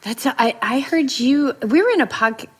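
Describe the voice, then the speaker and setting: A woman hosting a podcast, talking in an animated, quick and chatty way. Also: sits high, breathy edge. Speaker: podcast host. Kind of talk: conversational interview.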